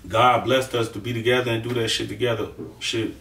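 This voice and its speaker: A man's voice: medium pitch, level tone, brisk, creaky, fairly bright tone, a little hiss or hum. A middle-aged man casually recounting a story, rambling and profane, often checking in with the listener as he goes. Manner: profane, rambling, keeps saying "you know what I'm saying". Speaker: storyteller recounting prison life. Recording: roomy sound, mic at a distance.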